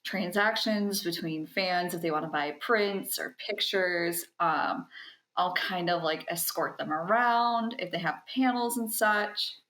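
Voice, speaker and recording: A woman's voice: fairly low pitch, measured pace, reverberant, poor audio. A young woman talking as a podcast guest, telling enthusiastically about her convention work, with frequent ums. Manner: animated and enthusiastic, with filler ums. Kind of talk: casual interview chat.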